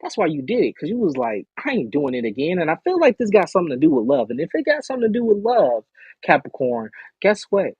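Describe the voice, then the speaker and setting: Male tarot host, slightly high-pitched and animated, talks straight to the viewer. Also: quick pace, husky, no echo, highs cut off. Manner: murmurs and hums while reading cards. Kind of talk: live-streamed tarot reading.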